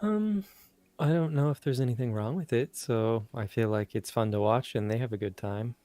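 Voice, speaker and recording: A young man co-hosting a livestream who chats casually, relaxed and unhurried. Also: medium pitch, dry recording. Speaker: co-host reading the chat. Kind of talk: casual chat. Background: faint music.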